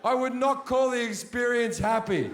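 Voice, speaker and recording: A man's voice: extremely high pitch, moderate pace, a crowd in the background. A man doing a stand-up comedy set on stage, brash and crude, mocking his targets with punchlines. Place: large theater with audience. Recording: roomy live hall, audience noise.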